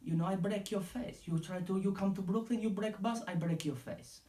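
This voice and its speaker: A man's voice: high voice, fairly quick, dark tone, reverberant, voice pushed up, lightly acted. A man imitating an angry male fighter who threatens in short bursts of broken English. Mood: heated.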